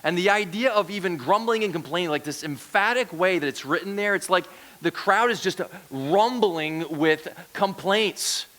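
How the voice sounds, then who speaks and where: A man's voice: high voice, moderate pace, fairly bright tone. A man giving a conversational sermon as a guest preacher, asking the congregation questions. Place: church.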